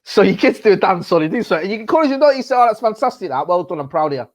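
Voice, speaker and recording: A man's voice: sits high, racing. Sweary man chatting on a podcast. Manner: sweary, rambling, animated storytelling. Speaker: podcast co-host. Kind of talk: casual chat.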